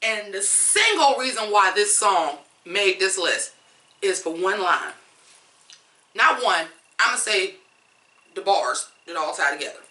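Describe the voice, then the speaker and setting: A woman's voice: mid-range voice, expressive, measured pace, bright, forceful tone, echoey room. A woman reviewing songs in a blunt, profane, fired-up rant. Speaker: music reviewer. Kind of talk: ranting song review.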